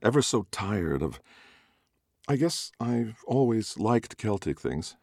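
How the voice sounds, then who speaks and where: A man's voice: fairly low pitch, big pitch swings, slow, creaky, a little mellow, no room sound, studio quality, pitched above the performer's own voice, exaggerated voice. A man voicing a fanciful young Greek-American woman with an earnest, polite manner, in a storybook reading.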